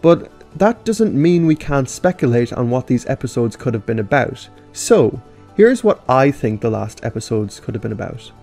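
A man's voice: medium pitch, very animated, moderate pace, dark tone, faint music behind. A man, a YouTube commentator who reads story outlines aloud and comments on them in a casual, frank way with mild swearing.

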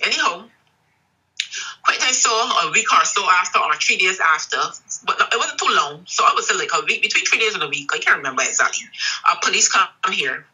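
A middle-aged woman with a Barbadian accent tells her story openly and with animation, voicing the people she quotes. Her voice is low-pitched and husky but very bright and forceful. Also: brisk, poor audio. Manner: animated, acts out quoted dialogue. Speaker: interview guest, mother. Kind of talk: candid storytelling.

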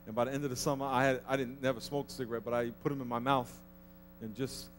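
A man's voice: mid-range voice, flat delivery, fast, slight background noise. A man pastor preaching a sermon, telling a story in a casual way and then pressing his point with rising force. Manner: conversational storytelling, building to emphatic exhortation. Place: church.

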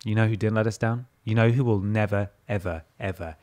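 Fast-talking man, jokey podcast host. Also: fairly low pitch, steady tone, a little mellow. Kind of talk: casual comedy podcast chat. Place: shared room with co-hosts.

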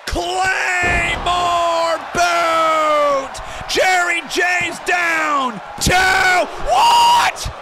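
High-voiced excitable male stream commentator. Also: heavy background noise. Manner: excitable, shouting play-by-play. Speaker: streamer and host of the series. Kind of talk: live-streamed play-by-play commentary on a simulated wrestling match. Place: at a desk.

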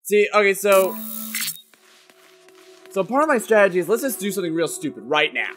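Excitable man narrating his gameplay. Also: high voice, brisk, faint music behind. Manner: excitable, muttering to himself, counting taps. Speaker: gameplay commentator. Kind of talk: let's play commentary.

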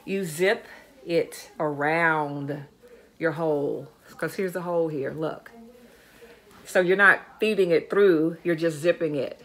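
A woman's voice: deep voice, a little slow. A woman chatting casually to camera at home, gushing over a haul and repeating words for emphasis. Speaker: vlogger showing a dumpster-diving haul. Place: home, indoors.

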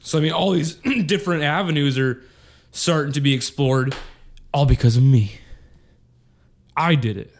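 A man's voice: on the high side, moderate pace, long pauses. A man co-hosting a podcast in casual chat, teasing and unbothered. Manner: teasing, laid-back, unbothered. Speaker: podcast co-host.

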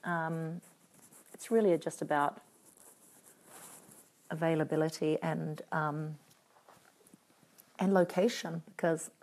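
Low gravelly woman, wry and chatty. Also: fairly even intonation, takes it slowly, long pauses, darkish tone. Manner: chatty, wry and playfully teasing. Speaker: actress answering fan questions. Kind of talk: casual live video Q&A reading out comments.

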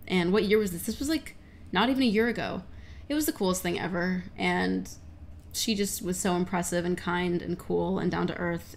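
A young woman talks excitedly and casually to her stream chat, her voice carrying a light gravelly fry. She tells stories in a loose, rambling way, dropping the odd swear word. A faint hiss sits under the recording. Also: fairly low pitch. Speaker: livestreamer answering chat questions.

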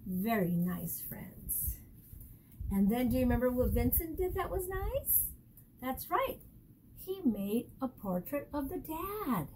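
A woman teacher reading a picture book aloud to young children, stopping often to ask them questions in an animated, coaxing way. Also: high-pitched, slight background noise, poor audio.

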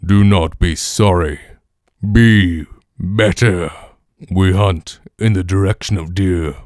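Man doing a stern, slow-talking warrior god. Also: darkish tone, no room sound, studio quality. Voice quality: deep, slow, deliberate delivery. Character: stern, commanding warrior god lecturing a boy. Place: small home room with acoustic foam. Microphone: close studio condenser microphone.

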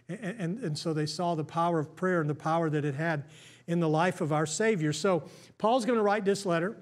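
A man's voice: fairly high pitch, brisk. An American man, a pastor, preaching a sermon in a conversational way, full of restarts and stammers.

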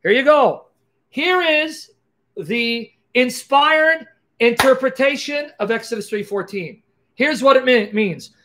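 Emphatic high-voiced man teaching scripture. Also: lively intonation, slow, pushed and bright. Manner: emphatic, rhetorical questions, exclaims "Bam!". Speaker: Christian apologist. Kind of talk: animated teaching monologue.

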